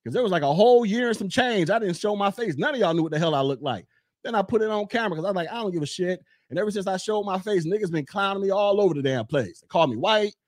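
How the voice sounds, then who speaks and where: A man doing a casual commentary podcast from his desk at home, blunt and mocking with loud bursts. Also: high-pitched, expressive, quick pace, no echo, studio quality.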